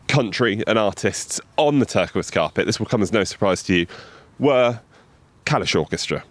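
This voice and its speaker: A man's voice: on the low side, no echo. A man co-hosting a podcast outdoors by a river, playful and reeling off facts in casual chat. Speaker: podcast co-host.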